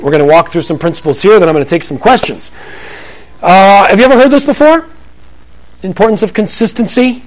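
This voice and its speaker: High-voiced animated preacher man. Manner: animated, conversational, acts out scenes. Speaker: preacher teaching on parenting. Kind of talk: sermon-style teaching to a live audience.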